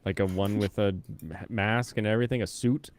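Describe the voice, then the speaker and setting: A man's voice: fairly low pitch, fairly even intonation, fairly quick. A man co-hosting a casual chat, joking and teasing, slipping into silly voices. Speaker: podcast co-host.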